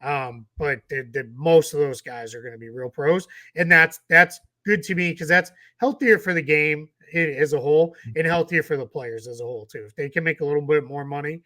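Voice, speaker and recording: A man's voice: on the high side, brisk, hardly any pauses, bright, forceful tone. A tired man with a Boston accent, co-hosting a casual sports podcast and rambling through his points. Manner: chatty, rambling with restarts. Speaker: co-host.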